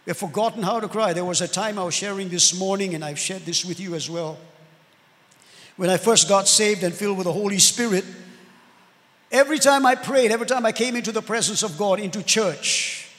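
A man's voice: high-pitched, fairly bright tone. A man preaching a sermon as pastor, earnest, drawing out key words and calling for amens. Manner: earnest preaching with drawn-out emphatic words and calls of amen. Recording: long hall reverb.

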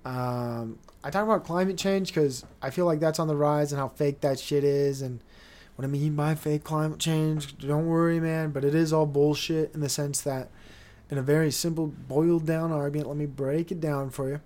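A young man hosting a solo podcast, telling stories in a loose, excitable way, swearing often and laughing between lines. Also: on the high side, normal speed. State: dry mouth. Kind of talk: casual solo monologue.

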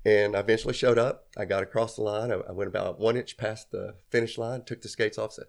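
Gravelly low-voiced man telling a story. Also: fairly even intonation, a little fast. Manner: rambling, self-deprecating, laughs often. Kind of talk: casual storytelling chat.

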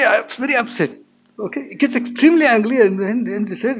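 A man's voice: very high voice, fast talker, slight background noise. A man retelling an old tale in a chatty, laughing way with many asides. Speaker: storyteller. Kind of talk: casual storytelling talk. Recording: dull lo-fi with faint ambience.

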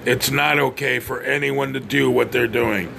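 A man's voice: mid-range voice, steady tone, normal speed, vocal fry, background noise. A blunt, profane man ranting on his podcast, often stammering and restarting. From United States. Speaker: podcast host. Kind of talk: opinionated podcast rant.

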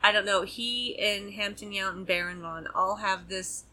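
A woman chatting casually as a podcast guest, animated and laughing often. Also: medium pitch, moderate pace. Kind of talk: casual chat.

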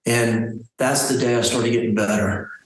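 A man telling his survival story as an interview guest, halting and restarting his phrases. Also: medium pitch, fairly even intonation. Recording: very echoey room.

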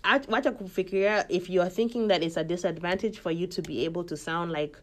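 A woman's voice: fairly low pitch, fast talker. A young woman with a Kenyan accent, talking candidly in a casual podcast monologue and switching freely between Swahili and English.

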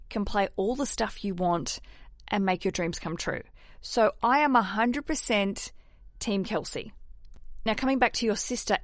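Brief: frank, animated female podcast host, casual advice, close dry mic. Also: medium pitch, dry recording. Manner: animated and candid, swears freely, laughs at herself.

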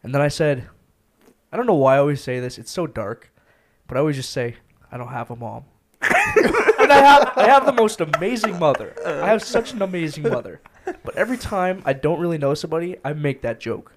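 A man's voice: a little high, very animated, fairly quick, crowd noise. A young man co-hosting a podcast, telling joking anecdotes in casual chat. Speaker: podcast co-host.

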